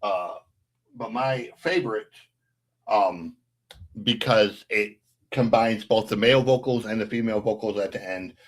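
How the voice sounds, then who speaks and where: A man co-hosting a podcast in casual chat, easygoing and filling his pauses with "uh". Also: on the low side. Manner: easygoing, with many filler "uh"s.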